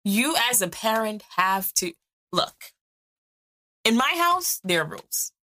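Blunt, profane woman in her thirties, podcast co-host, casual chat with a bright, clear-cut voice. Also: mid-range voice, sing-song, takes it slowly.

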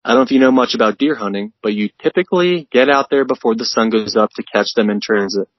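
A man's voice: mid-range voice, fast, highs cut off. A man co-hosting a casual podcast, reading out a story in a laid-back way and swearing freely. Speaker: podcast co-host.

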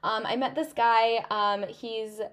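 Chatty young woman podcaster, slightly high. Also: steady tone, slow, a bit bright, clear, resonant tone. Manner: chatty, filler-heavy storytelling with lots of "like". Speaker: podcast host. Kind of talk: casual podcast monologue.

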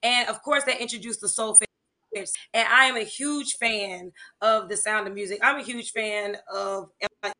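Bright-voiced woman telling lively stories. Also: mid-range voice, normal speed. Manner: animated storytelling with laughter. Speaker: guest, music teacher and songwriter. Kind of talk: casual interview chat.

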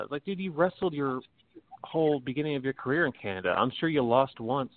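On a tinny, phone-like recording, a man argues his opinions in blunt, casual chat, swearing freely and laughing often. His voice runs on the high side, animated and fairly quick.

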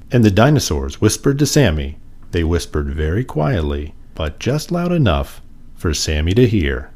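Male storyteller, low voice that swings widely, sing-song picture book reading. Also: very animated, moderate pace, a little mellow. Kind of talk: children's picture book read-aloud.

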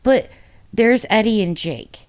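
Slightly high and animated, her slow-paced voice carries a casual, emotional podcast conversation about books. As co-host she's candid, drops plenty of profanity, and rambles with fillers.

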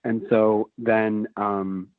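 A man's voice: lowish voice, flat delivery, drawn-out words, dry recording. A man telling a long story in casual chat, swearing freely and rambling with fillers and restarts. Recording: phone-like narrow band.

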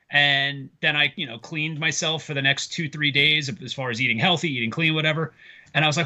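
A man's voice: a little high, a little fast, bright, forceful tone. A man, a comedian, chatting casually and telling rambling stories with some swearing. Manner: loose storytelling with swearing. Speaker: comedian guest. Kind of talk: casual podcast chat.

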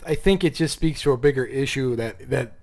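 A man's voice: mid-range voice, brisk, gravelly, a little mellow. A man co-hosting a podcast in casual chat, with a dry, mock-solemn sense of humor. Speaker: podcast co-host.

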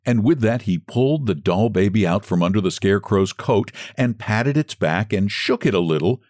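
A man narrating a children's story aloud in an expressive reading. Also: on the low side, normal speed, dry recording, studio quality.

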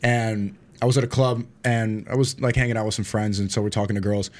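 Young male guest from New York, fast casual storyteller. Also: on the low side, little pitch movement, darkish tone. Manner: quick, jokey, repeats words. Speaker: podcast guest.

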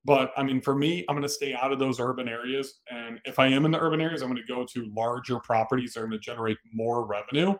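A man talks straight into the mic on his own podcast, coaching listeners in a direct, plain-spoken way. His voice sits at an ordinary middle pitch, neither low nor high. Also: fast talker, hardly any pauses. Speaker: podcast host. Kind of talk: solo podcast advice talk.

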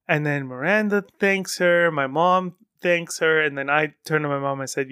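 A man's voice: high-pitched, lively intonation, normal speed, fairly bright tone, clear, resonant tone, no echo, studio quality. A man hosting his own podcast in casual, rambling, enthusiastic solo talk. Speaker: podcast host.

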